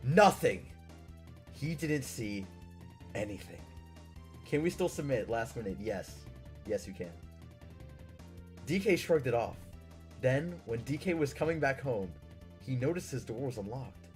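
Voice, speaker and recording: A man reads viewer-submitted stories on a live stream, his voice pitched high and swinging widely from phrase to phrase. He keeps dissolving into laughter and firing off mock-indignant protests. Soft music plays faintly underneath. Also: sing-song, unhurried. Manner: breaks into laughter and mock-indignant outbursts while reading.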